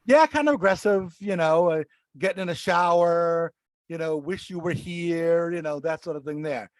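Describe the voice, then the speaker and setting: High-voiced man telling a story. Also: moderate pace, no echo. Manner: animated, acts out quoted voices, many restarts. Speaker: podcast co-host. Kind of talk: casual storytelling chat.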